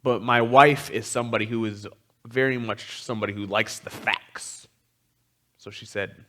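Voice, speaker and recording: A man's voice: fairly low pitch, fairly even intonation, normal speed, pushed and bright. A man giving a personal storytelling talk as a guest teacher, speaking candidly and conversationally, with frequent ums. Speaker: guest teacher at a spiritual community.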